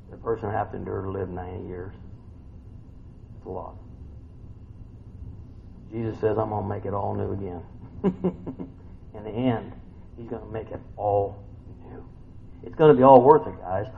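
Folksy preacher in his fifties. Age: 50s. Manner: folksy, conversational preaching with rhetorical questions; swings between loud, high bursts and quiet, low reading. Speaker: pastor. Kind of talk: sermon. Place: church sanctuary. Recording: dull, lo-fi church recording with faint ambience.

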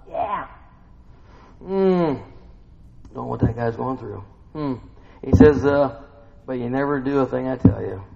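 Heard in a dull lo-fi recording with long hall reverb, a preacher with a gravelly, warm, medium-pitched voice gives an informal sermon. He chats with listeners, asks them questions, and hums and affirms to himself between points.

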